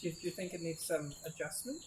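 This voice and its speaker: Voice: mid-range voice, expressive, quick pace, slight background noise. Casual tabletop player, chatty, faint crickets behind. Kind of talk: casual role-play chat.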